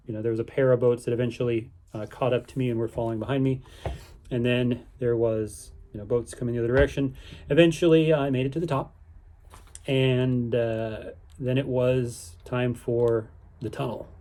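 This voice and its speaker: A man talking through his day for a vlog in a loose, rambling way, stopping and restarting often with plenty of fillers. His voice sits at an ordinary middle pitch, and he sounds easygoing and upbeat throughout. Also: mellow. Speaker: vlogger on a canal boating holiday. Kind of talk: casual spoken recap.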